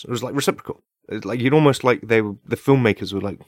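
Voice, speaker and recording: A man's voice: medium pitch, fast talker, few pauses, no room sound, clean studio sound. A man hosting a podcast, riffing through a long comedic monologue full of "like" and "right?", praising absurd ideas in a mock-earnest, tongue-in-cheek way. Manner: loose, filler-heavy riffing with many "like" and "right?". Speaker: podcast host. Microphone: podcast microphone.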